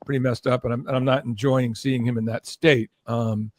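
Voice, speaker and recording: An older man, a podcast guest and former record executive, telling an animated story in conversation, acting out what others said and checking in with "okay?". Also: medium pitch, moderate pace. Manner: animated, acts out quoted voices, keeps checking in with "okay?".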